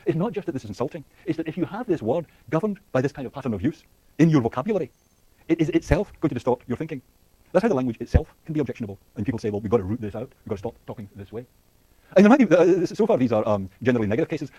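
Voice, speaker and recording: In a university lecture, a man with a dark, slightly husky voice talks rapidly and animatedly, thinking aloud with lots of fillers and restarts. He quizzes the class and laughs lightly now and then. The recording is dry and close, with no echo.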